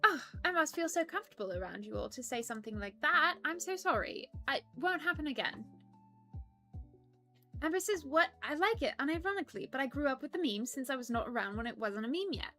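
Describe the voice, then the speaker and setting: A woman's voice: sits high, expressive, fairly quick, pushed and bright, soft background music. A woman voicing a prim, polite persona who reads live-stream chat aloud and apologizes often. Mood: prim chatty. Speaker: stream co-host reading chat.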